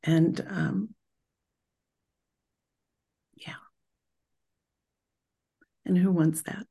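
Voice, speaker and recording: Woman leading a spiritual group, slow and thoughtful, lowish voice, lots of pauses. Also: fairly even intonation, vocal fry, warm tone, slightly rough. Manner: slow and meditative, with pauses and restarts. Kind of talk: reflective spiritual talk.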